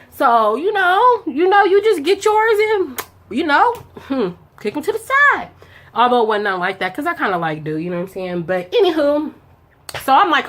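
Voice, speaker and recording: A woman's voice: on the high side, very animated, brisk, a bit bright. A young woman chatting casually as she tells a story while doing her makeup, acting out both sides of the conversation with slang. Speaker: beauty vlogger telling a story.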